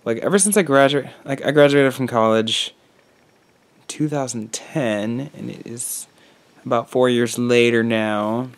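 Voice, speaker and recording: Slow-talking goofy young man outdoors. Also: medium pitch, no echo. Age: 20s. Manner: goofy, self-mocking, rambling. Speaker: vlogger. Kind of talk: joking outdoor vlog. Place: outdoors on a nature trail.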